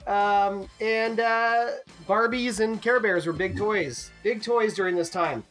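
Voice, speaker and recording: A man's voice: high-pitched, slow pace, fairly bright tone, faint music behind. A man co-hosting a podcast in casual chat, rambling and jokey with lots of fillers. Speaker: podcast co-host.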